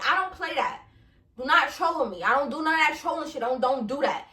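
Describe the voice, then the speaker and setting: A young woman hosts a casual solo podcast, talking bluntly, expressively and fairly quickly in a high, bright voice while laughing and swearing. The room is echoey, and she sits a little back and far from the mic.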